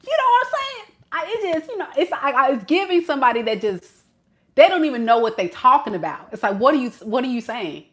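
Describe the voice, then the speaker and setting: A woman's voice: sits high, animated, fast. A woman giving a casual tarot reading to camera, talking in a sassy, slangy way and laughing often. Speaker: tarot reader.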